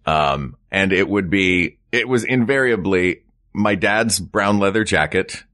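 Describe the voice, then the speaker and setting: A man's voice: sits low, measured pace, sharp tone. A man co-hosting a comedy podcast in casual chat, teasing his partner with dry, playful jabs. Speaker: podcast co-host.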